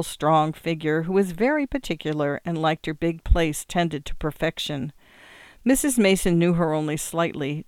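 A reader giving measured, scripted narration of a novel. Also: mid-range voice, clear, resonant tone, no room sound, clean studio sound. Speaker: audiobook reader.

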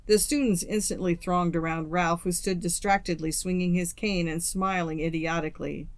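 An audiobook narrator reading a classic story in a steady, measured way. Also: mid-range voice, no room sound.

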